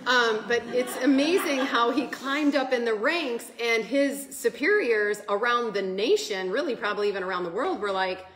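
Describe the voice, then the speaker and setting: A woman's voice: a little high, normal speed, hardly any pauses. A woman giving a casual devotional talk, telling stories with laughs and acting out the quotes. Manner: animated, laughing storyteller who acts out quotes. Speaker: Bible study speaker. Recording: echoey room.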